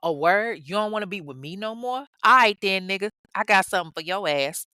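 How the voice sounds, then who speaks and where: A woman's voice: mid-range voice, animated, bright, forceful tone, no room sound, studio quality. A woman playing a furious jilted teenage girl. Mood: scornful. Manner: indignant, cursing, fast. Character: hot-tempered teenage girl, jilted and vengeful.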